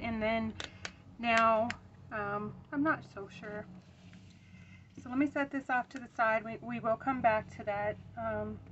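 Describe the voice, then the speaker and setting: A woman's voice: fairly high pitch, pushed and bright, highs cut off, slight background noise. Out-of-breath woman counting cash. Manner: chatty, many ums, counts bills aloud. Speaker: budgeting vlogger. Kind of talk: casual budgeting talk while counting cash. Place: at home.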